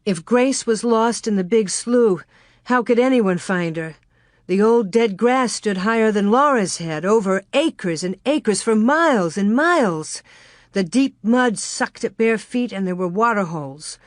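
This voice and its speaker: Slow, measured woman narrator. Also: medium pitch, animated, dry recording, clean studio sound. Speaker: audiobook narrator. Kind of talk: scripted narration.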